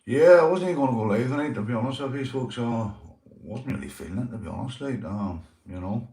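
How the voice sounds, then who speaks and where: A man's voice: mid-range voice, lively intonation, fast talker, darkish tone, reverberant. Northern Irish man chatting on a livestream. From Northern Ireland. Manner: swears freely, calls everyone mate and lad. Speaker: livestream host. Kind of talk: casual livestream chat, greeting viewers.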